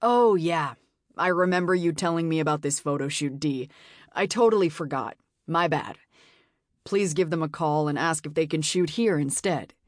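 A woman voicing a weary, laid-back male film star who talks in an easy, relaxed way, as in a read-aloud novel. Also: deep voice, moderate pace, no room sound, clean studio sound, natural voice. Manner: relaxed, easygoing.

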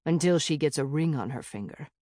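A man's voice: fairly high pitch, expressive, a little fast, dark tone, dry recording, clean studio sound, pitched below the performer's own voice, natural voice. A woman voicing a weary young male vampire prince who talks in short, clipped questions. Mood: dry, weary.

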